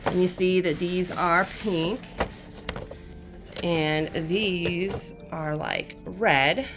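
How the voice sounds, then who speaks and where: A woman with a drawl talks slowly and fondly about each thing she bought. She chats casually and sometimes turns aside to speak to her cat. Quiet music plays faintly underneath. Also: on the low side. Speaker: crafting channel host. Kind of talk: casual haul show-and-tell.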